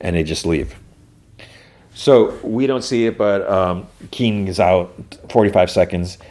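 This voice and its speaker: Casual podcast host, male, low mellow voice, filler-heavy chatty recap. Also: a little slow. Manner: retells scenes with loose quoted lines, many "like" fillers.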